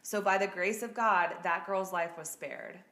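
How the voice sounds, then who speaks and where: Swearing freely as she goes, a woman hosts a podcast and tells a true-crime case in a casual, blunt style. Her voice is on the low side and fairly bright, her pace unhurried, and the room she records in is echoey.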